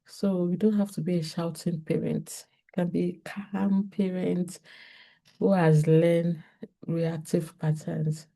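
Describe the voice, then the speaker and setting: A woman's voice: lowish voice, flat delivery, slow pace, vocal fry, mellow. A woman with a Nigerian English accent giving earnest parenting advice straight to camera, repeating her key points and speaking directly to parents.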